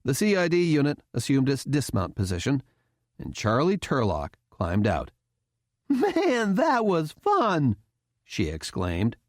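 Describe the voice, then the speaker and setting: A man narrating an audiobook in a steady, even reading voice. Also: medium pitch, moderate pace, no room sound, studio quality. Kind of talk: scripted narration.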